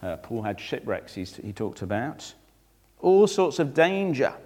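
A man preaching through a Bible passage, conversational and animated, acting out the verses with asides to his listeners. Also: medium pitch, measured pace. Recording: long reverb of a large hall.

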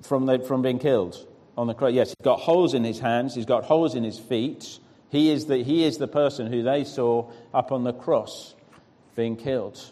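A man at a middle pitch leads the reading and questioning. His voice carries a long reverb, as if heard across a church hall. He pauses for answers and encourages the people in front of him. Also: warm tone. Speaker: preacher. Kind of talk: scripture reading and interactive teaching.

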